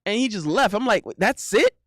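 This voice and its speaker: Guy streaming, high voice, laughing and going "what the hell" at chat, dry sound. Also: animated, a little fast, fairly bright tone, dry recording. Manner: exclaiming, laughing often, reading chat aloud. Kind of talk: casual live-stream banter.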